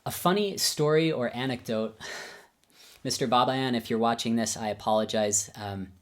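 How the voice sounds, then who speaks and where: A man chats casually about his life as a pianist and teacher. His manner is friendly and self-deprecating. His voice sits at a medium pitch. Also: normal speed. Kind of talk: casual personal storytelling.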